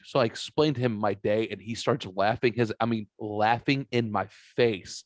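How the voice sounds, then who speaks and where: A man's voice: on the low side, normal speed, few pauses, no echo. A man co-hosting a podcast, telling a rambling, profane story in casual banter. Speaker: podcast co-host.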